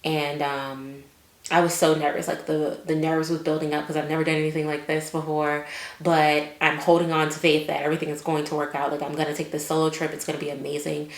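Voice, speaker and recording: Chatty low-voiced woman in echoey room. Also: brisk. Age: adult with children. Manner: chatty, animated, lots of fillers and quoted self-talk. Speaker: vlogger. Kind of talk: casual storytelling vlog.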